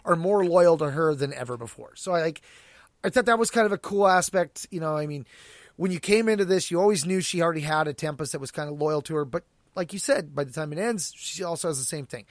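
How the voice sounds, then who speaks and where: A man chatting casually as a podcast co-host, animated and laughing often as he acts out quoted lines. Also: a little high, quick pace, dry recording. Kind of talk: casual chat about an audio drama.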